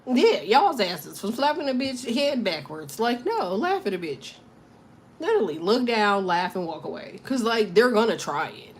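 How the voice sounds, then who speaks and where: A young woman doing a tarot reading in loose, profane, joking chat. Her pitch swings all over as she rambles along, and faint noise hums underneath. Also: very animated, normal speed. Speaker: tarot reader.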